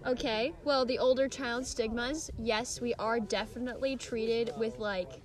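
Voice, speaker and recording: High-voiced rambling young woman. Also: steady tone, measured pace. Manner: rambling, playful, self-interrupting. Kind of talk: casual chat among friends.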